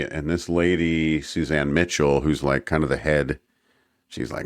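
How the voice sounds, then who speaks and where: Casting: man with a very low voice, podcast co-host, joking and rambling, dry close mic. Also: steady tone, a little slow, no echo. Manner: joking, rambling, self-correcting. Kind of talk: casual chat.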